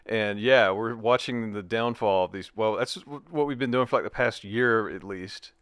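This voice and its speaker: Jokey guy guest, kinda low voice, smooth, a bit hesitant. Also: normal speed, a bit bright, no echo. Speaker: guest co-host. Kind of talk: casual commentary chat.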